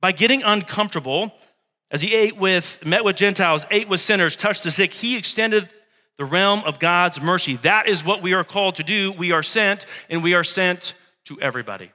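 Bright-voiced preacher man in a hall. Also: sits high, normal speed. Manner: repeats key lines for emphasis; conversational, with humor and asides. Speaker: pastor. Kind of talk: sermon. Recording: long reverb of a hall.

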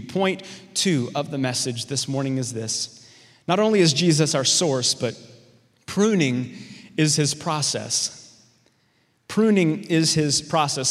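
Man, pastor, sermon, high voice, long hall reverb, storytelling. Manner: storytelling, animated voices in anecdotes.

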